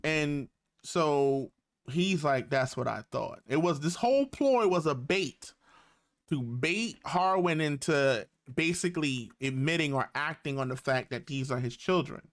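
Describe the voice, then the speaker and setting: A man's voice: on the high side, lively intonation, measured pace. A man casually recapping a TV episode, loose and slangy, with lots of fillers and acted-out quotes. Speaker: YouTube reviewer.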